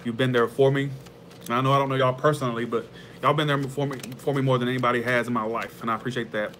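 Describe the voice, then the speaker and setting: Man, tarot livestream host, loose rambling chat, medium pitch, quick to laugh, faint hum behind. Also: steady tone, a bit bright. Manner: rambling, heartfelt, laughs easily. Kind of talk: casual livestream chat with viewers.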